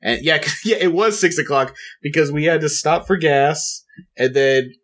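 A man's voice: fairly high pitch, normal speed, fairly bright tone. A young man chatting casually with friends, teasing and laughing often. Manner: laughs a lot, teasing interjections.

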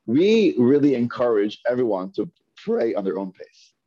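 Speaking at a moderate pace in a warm, mid-range voice with big swings in pitch, a man leads a Hebrew reading class, carefully sounding out words one syllable at a time for learners to repeat. It's a dry, lo-fi recording.

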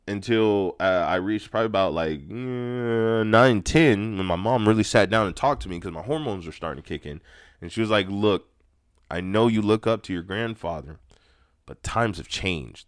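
A man hosting his own podcast, telling personal stories in a ranty, profane, animated way that gets loud when he is excited. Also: fairly low pitch, dry recording, clean studio sound. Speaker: podcast host. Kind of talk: ranty personal storytelling monologue.

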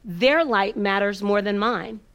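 A woman speaker telling a personal story with an emphatic, repetitive rhythm and dramatic pauses, sometimes sinking to a hushed near-whisper. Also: mid-range voice. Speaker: motivational speaker.

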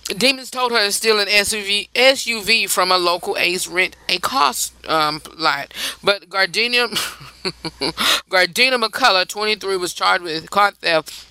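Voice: medium pitch, sharp tone, smooth, dry recording, poor audio. A host casually reading gossip headlines and chatting to listeners with asides and laughs, sounding a little tired. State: tired, yawning. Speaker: host of a news and gossip segment.

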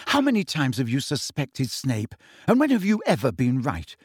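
A man reading aloud, voicing an earnest, bossy teenage girl in a raised, quick voice. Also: fairly high pitch, sing-song, a little mellow, husky, no room sound, clean studio sound. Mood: sharp, insistent.

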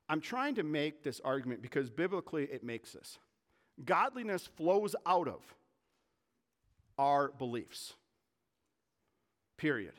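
Male pastor, sermon. Slightly high, very animated, gets fired up. Long reverb of a big room. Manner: animated, gets worked up, fast bursts of indignation.

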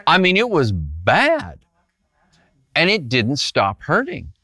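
Lively, bright-voiced male pastor. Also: on the high side, takes it slowly, no room sound. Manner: animated, talks straight to listeners with frequent rhetorical "right?". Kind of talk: conversational sermon storytelling.

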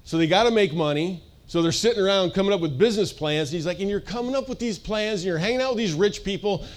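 A man delivers a relaxed, joking sermon. His voice sits high for a man. He talks in a loose, chatty way with lots of quick asides. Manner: chatty, playful, lots of "like" and "you know". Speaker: pastor.

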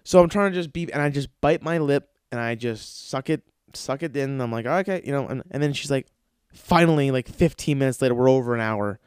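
A man hosting a podcast, telling long rambling stories in a casual, profane way, often breaking into high-pitched voices to act out other people. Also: a little fast, clean tone, no room sound, studio quality. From lives in Los Angeles. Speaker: podcast host. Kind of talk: casual storytelling monologue.

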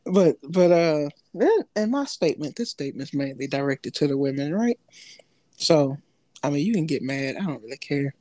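A man's voice: a little high, animated, normal speed, warm tone, no echo. A man co-hosting a podcast, talking loosely in slang and laughing often as he tells stories. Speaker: podcast co-host. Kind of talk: casual chat.

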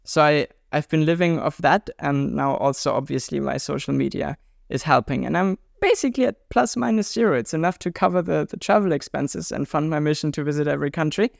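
Fairly quick and creaky, this voice belongs to a German man in his twenties who juggles and travels the world, appearing as a chatty, upbeat interview guest with a German accent. His pitch shoots up when animated, and the recording is dry and studio-clean.

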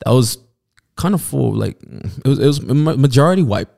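A man's voice: mid-range voice, lively intonation, fairly quick, creaky, mellow. A young Australian man with an Australian accent, chatting casually and rambling with many fillers and restarts. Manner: rambling, lots of fillers and restarts, swears freely. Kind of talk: casual podcast chat.

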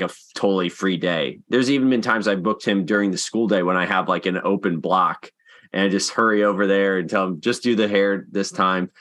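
Laid-back low-voiced male podcast host. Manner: relaxed, agreeable, frequent short affirmations. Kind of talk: casual podcast chat.

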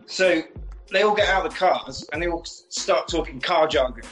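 A man's voice: a little high, moderate pace, fairly bright tone, faint music behind, poor audio. A man hosting a podcast, animatedly retelling a film plot for laughs. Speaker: podcast co-host. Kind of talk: comic film recap.

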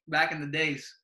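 A man's voice: on the high side, bright, forceful tone, echoey room. A young man in casual podcast chat, telling stories with lots of slang and frequent laughs. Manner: laid-back slang-heavy storytelling, laughs often. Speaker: podcast host.

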